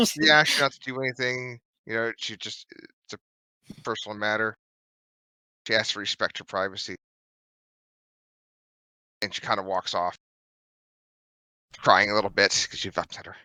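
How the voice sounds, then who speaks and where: Male dungeon master, bright crisp voice, loose halting narration. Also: fairly low pitch, fairly even intonation, no echo, poor audio. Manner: loose, hesitant narration with many fillers. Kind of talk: narrating a tabletop game.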